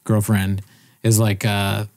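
A man's voice: fairly low pitch, level tone, takes it slowly, darkish tone. A young man co-hosting a podcast, chatting casually in a joking, laid-back way with plenty of swearing. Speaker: podcast co-host. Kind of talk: casual chat.

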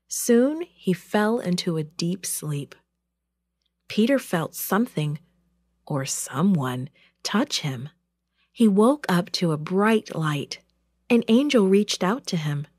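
A woman narrating a Bible story for a children's church program in an expressive, deliberate way. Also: lowish voice, no room sound, clean studio sound.

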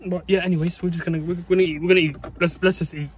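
A young man, chatting excitably in a casual food review vlog and dropping mild swears and "mate". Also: high-pitched, very fast, husky. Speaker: food vlogger.

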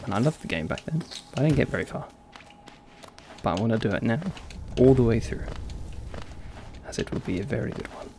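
A man's voice: medium pitch, animated, fairly quick, pauses often, noisy background. A young adult man streaming a game live, chatting playfully with his viewers and laughing often. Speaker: gaming streamer. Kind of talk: casual live-stream commentary.

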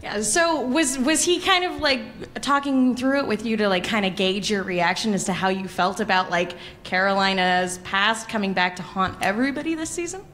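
A woman's voice: mid-range voice, normal speed, hardly any pauses, a bit bright. A woman hosting a convention panel, asking playful questions and laughing along. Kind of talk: panel chat. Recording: stream of a live panel, background noise.

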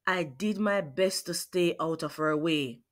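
A woman reading a picture book aloud to children, asking her young listeners questions as she goes. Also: sits low. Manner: slow, expressive, asks questions of listeners. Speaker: children's read-aloud host.

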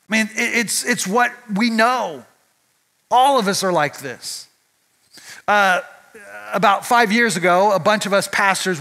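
A man's voice: high voice, moderate pace, bright, forceful tone. A male pastor giving a conversational sermon at church, often asking the audience rhetorical questions.

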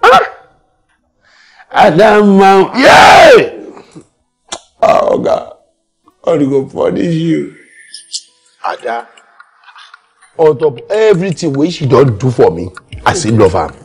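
A man with a Nigerian Pidgin accent playing a lovesick, hot-tempered male house servant who trades loud insults and turns soft and tender. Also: mid-range voice, big pitch swings, unhurried, pauses often, husky, soft background music, heavily acted. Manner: loud trash-talking, then soft and tender. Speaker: actor in a Nollywood film.

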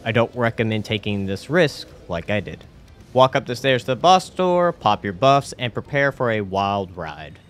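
A man's voice: lowish voice, sing-song, normal speed, faint music behind. A man narrating his own gameplay in a dry, sarcastic voice-over, swearing casually. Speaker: gaming YouTuber.

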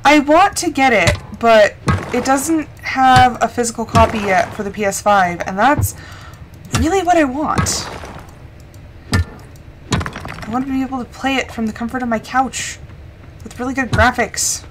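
A woman's voice: fairly high pitch, unhurried, long pauses, background noise. A young adult woman chatting casually and rambling while she live-streams a farming game, with lots of fillers. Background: game music.

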